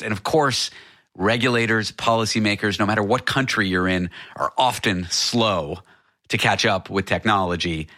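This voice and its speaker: A man's voice: on the low side, pushed and bright, no echo, studio quality. A man hosting a radio show, chatting about tech in a wry, digressive way. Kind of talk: casual tech talk.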